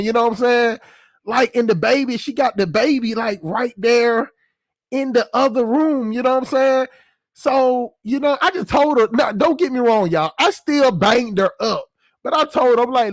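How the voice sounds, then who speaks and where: A man's voice: high voice, dry recording, clean studio sound. A man hosting his own channel, telling a long personal story in a loose, profane way and checking in with the listener. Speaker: channel host. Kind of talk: casual storytelling monologue.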